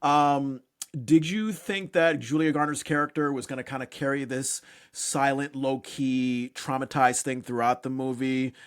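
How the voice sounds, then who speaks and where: Brief: male podcast host, mid-pitched, animated and cussing, quick to laugh. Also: smooth. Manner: animated, profane, laughs often. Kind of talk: casual chat.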